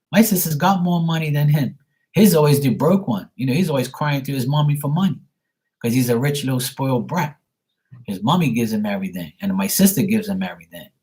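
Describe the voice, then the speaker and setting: A middle-aged man giving a live tarot reading, talking bluntly and swearing often as he rants. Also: medium pitch. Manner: blunt, profane, ranting. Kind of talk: casual livestream talk.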